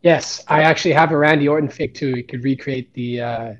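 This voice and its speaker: A man's voice: medium pitch, fairly even intonation, a little fast. Rambling man on a dull lo-fi mic. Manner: rambling, full of fillers. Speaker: podcast co-host. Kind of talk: casual podcast chat.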